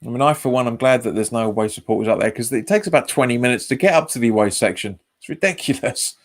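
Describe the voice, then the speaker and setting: A man's voice: medium pitch, quick pace. A man hosts a live football watch-along. He chats casually, repeats his phrases and reads viewer comments aloud. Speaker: fan channel host.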